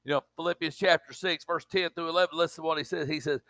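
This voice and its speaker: Forceful preacher in a dry room. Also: male voice, on the high side, fairly even intonation, quick pace, dry recording. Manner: emphatic, with colloquial asides to the congregation. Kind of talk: sermon.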